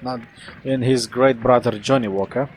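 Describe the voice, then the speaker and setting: A man's voice: mid-range voice, steady tone, moderate pace, slight background noise, low-quality recording. A man, playing and commenting on a detective game in a rambling, playful way. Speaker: let's play host. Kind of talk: gameplay commentary.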